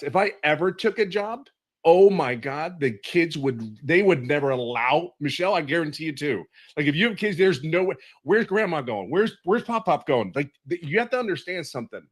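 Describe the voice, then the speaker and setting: A man's voice: a little high, expressive, fairly quick. Fifties man, emotional webinar testimonial, urgent and sincere, repeats key phrases. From California. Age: 50s. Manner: earnest, pleading, repeats phrases for emphasis.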